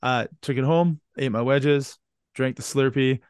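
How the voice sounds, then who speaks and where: A man's voice: mid-range voice, a little slow, a little mellow, clear, resonant tone, no echo, clean studio sound. A man, co-hosting a podcast in casual chat and telling rambling, profane stories. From Canada. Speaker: podcast co-host.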